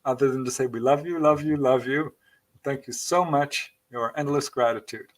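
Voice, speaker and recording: A man's voice: medium pitch, fairly even intonation, moderate pace. A man hosting a live-stream show, reading out viewer comments in a chatty, thankful way and laughing between them. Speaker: podcast host.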